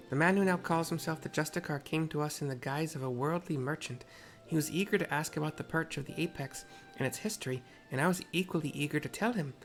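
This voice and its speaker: A gamer voicing an earnest young woman warrior who blames herself, in a put-on mixed accent, reading her lines measured and serious. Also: low voice, voice pushed up.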